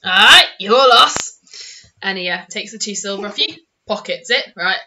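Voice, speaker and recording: A woman narrating a tabletop game as game master, telling the story in an animated, giggly way. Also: mid-range voice, normal speed.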